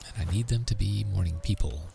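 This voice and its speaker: Low gravelly man rambling on a game stream. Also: brisk, warm tone, faint music behind. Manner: rambling, filler-heavy, muttering asides while playing. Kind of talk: casual gaming livestream chat.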